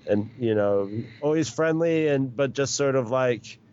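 A man's voice: medium pitch, measured pace, a little mellow, clean tone. A middle-aged man in casual chat, rambling along with many restarts and chuckles. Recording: dull lo-fi recording.

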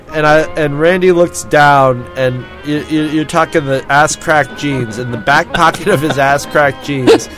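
Swearing man laughing through a story. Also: a little high. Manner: laughing, swearing, acting out quotes. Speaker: podcast host telling a story. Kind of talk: casual storytelling.

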